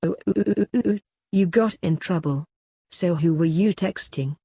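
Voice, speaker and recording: A woman's voice: on the low side, normal speed, darkish tone, breathy edge, dry recording, studio quality. A woman voicing a shy teenage schoolgirl who stammers when flustered. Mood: eager.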